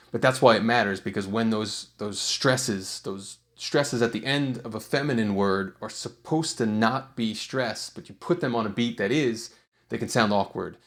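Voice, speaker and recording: A man teaching songwriting in a relaxed, explanatory way, with frequent fillers and restarts. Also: fairly low pitch. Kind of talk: casual instructional talk.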